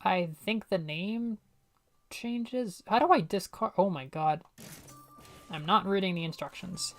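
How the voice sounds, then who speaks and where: A woman's voice: mid-range voice, unhurried, faint music behind. A young woman chatting casually while she plays a game on stream, rambling and laughing often. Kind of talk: casual gaming commentary.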